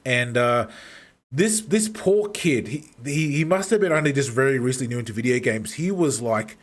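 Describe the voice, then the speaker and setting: A man's voice: medium pitch, lively intonation, moderate pace. A man hosting a stream and telling rambling, swear-filled gaming stories in casual chat. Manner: rambling storyteller, heavy swearing. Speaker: streamer host.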